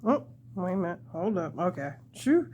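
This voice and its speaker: A woman's voice: fairly low pitch, sing-song, normal speed, mellow, slight background noise. A young woman hosting a casual crochet tutorial, chatty and laughing often as she talks to her viewers.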